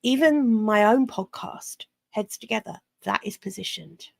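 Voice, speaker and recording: A woman's voice: medium pitch, unhurried, vocal fry, a little mellow, dry recording. A woman, a business coach chatting casually on a podcast, often correcting herself and laughing easily.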